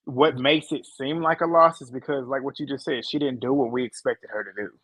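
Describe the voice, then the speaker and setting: A man's voice: medium pitch, fairly even intonation, a little fast, a bit bright, no room sound, rough recording. A man hosting a casual live reality show recap, blunt and laughing often. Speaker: host.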